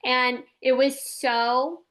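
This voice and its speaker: A woman's voice: high voice, flat delivery, extremely slow, a bit bright. A woman in her thirties hosting a podcast, talking candidly and casually, with lots of "like" and the odd swear. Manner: candid, chatty, peppered with "like" and mild swearing. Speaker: podcast host.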